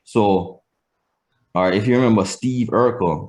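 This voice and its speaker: A man's voice: fairly low pitch, animated, measured pace, a little mellow. A man giving a spoken language lesson, explaining pronunciation step by step and modeling each sound aloud. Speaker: language teacher.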